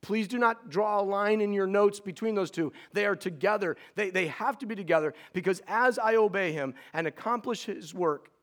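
A middle-aged man preaching a sermon as pastor, earnest and pleading, often restarting words in quick repeats. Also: high-pitched, a bit bright.

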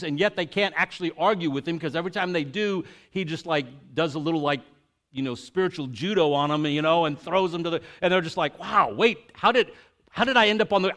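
A man preaching a sermon, reading scripture, then explaining it in a conversational, animated way with restarts and asides. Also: on the high side. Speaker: pastor.

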